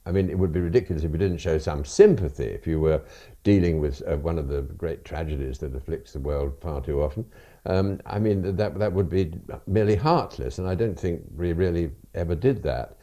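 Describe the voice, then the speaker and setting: A man's voice: low voice, mellow. An older man from England chatting as a guest in a radio interview, often hesitating and repeating words.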